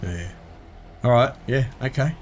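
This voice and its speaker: Excitable Australian man playing a game. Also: mid-range voice, unhurried, soft background music. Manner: swearing, excitable, talks to the game units. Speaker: gameplay streamer. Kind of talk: casual gameplay commentary.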